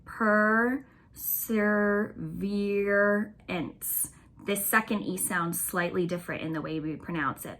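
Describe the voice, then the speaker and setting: A woman with a bright, lower-pitched voice leads a recorded remote lesson for young children. She talks in a cheerful, patient teacher's manner and stretches words out slowly so the kids can hear each sound. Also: vocal fry, slight background noise. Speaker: elementary school teacher.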